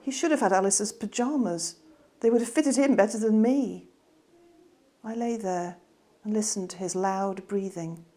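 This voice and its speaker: Woman, storybook reading, gentle, expressive. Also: mid-range voice, normal speed. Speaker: author reading her book.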